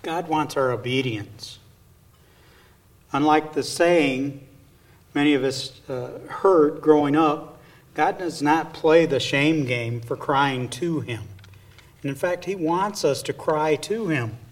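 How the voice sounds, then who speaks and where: A man preaches a sermon at an unhurried pace. His delivery is earnest, and now and then he drops to a hushed aside. The voice is picked up from some distance away from the mic. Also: a little high. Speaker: pastor.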